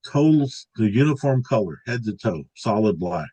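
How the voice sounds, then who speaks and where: Older male guest, lowish voice, casual rambling storyteller. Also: big pitch swings, moderate pace, dark tone, husky, poor audio. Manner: rambling, restarts and filler words. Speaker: interview guest recounting an encounter.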